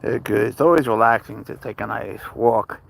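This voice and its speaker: A man hosting a live stream outdoors at night on a phone, rambling and joking with viewers while talking softly to his cat. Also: medium pitch, moderate pace, vocal fry. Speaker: livestream host. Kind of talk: casual live-stream chat.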